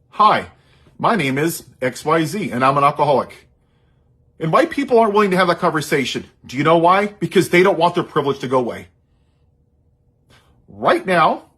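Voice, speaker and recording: Guy ranting, sarcastic and heated, high husky voice that swings all over. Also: a bit bright. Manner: sarcastic, heated, mocking asides. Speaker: social media commentator. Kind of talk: impassioned political monologue.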